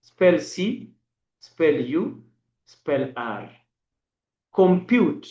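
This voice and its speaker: A man teaching a braille lesson, slowly spelling out letters and dot numbers. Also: fairly high pitch, very animated, a little mellow. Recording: echoey dull lo-fi room.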